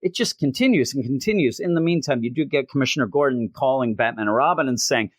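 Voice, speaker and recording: A man's voice: medium pitch, animated, fast talker, hardly any pauses, no room sound. A man hosting a comic book show, casually recapping an issue with exasperated, joking disbelief. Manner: incredulous, exasperated, jokey.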